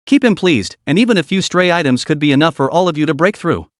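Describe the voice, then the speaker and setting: Cast: stern bragging old sect elder read by a man, scolding, slightly high voice, dry booth sound. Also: animated, fast, dry recording, natural voice. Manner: scolding, conspiratorial.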